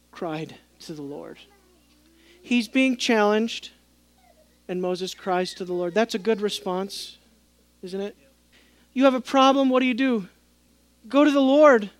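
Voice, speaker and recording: A man preaching a sermon as pastor, swinging between quiet asides and raised, emphatic passages, asking the congregation questions and speaking in the voices of people from the text. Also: high voice, no echo. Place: church.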